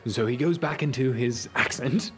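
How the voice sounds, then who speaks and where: A man narrating as game master of a tabletop game, lively and halting, with many fillers. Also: medium pitch, faint music behind.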